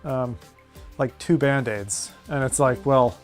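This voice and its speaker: A man's voice: medium pitch, slow, soft background music. Joking man co-hosting a live stream. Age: adult parent. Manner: joking, swears when frustrated. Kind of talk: casual chat.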